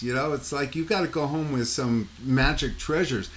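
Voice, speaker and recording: A man's voice: mid-range voice, moderate pace, hardly any pauses, slight background noise. A man hosting a painting podcast, telling a rambling anecdote in casual chat, with lots of "you know" and "like" and sound effects he mimics himself. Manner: animated, mimics sounds and voices while telling stories. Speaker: painting coach and podcast host.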